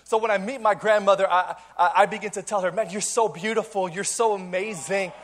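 A young adult man, a pastor, telling a playful story in a sermon to a church congregation, energetic and full of quick restarts. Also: sits high. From Cuban. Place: church auditorium before a congregation.

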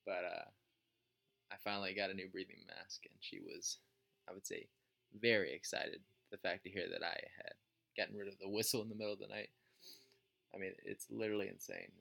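Gravelly-voiced man telling wry stories. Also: deep voice, little pitch movement, a little fast, bright, forceful tone. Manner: wry, self-deprecating, rambling. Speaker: podcast host. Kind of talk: casual storytelling.

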